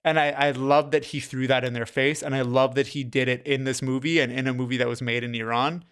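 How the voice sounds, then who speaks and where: Male co-host, mid-pitched, smooth, resonant voice, earnest and reflective. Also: fairly even intonation, fairly quick, a bit bright. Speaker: film podcast co-host. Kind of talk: casual chat.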